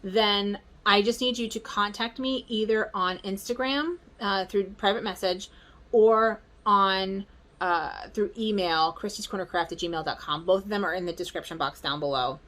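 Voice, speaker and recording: A woman from the Philadelphia area talks through her stitching vlog at home in an easygoing, chatty way. She is excitable and rambles into quick asides, and her voice sits at an everyday middle pitch. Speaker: stitching vlogger.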